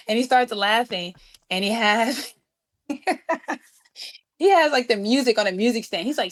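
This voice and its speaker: Animated woman telling a story. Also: fairly high pitch, fairly quick, pauses often. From New York City. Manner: acts out quoted dialogue with lively voices. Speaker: guest musician.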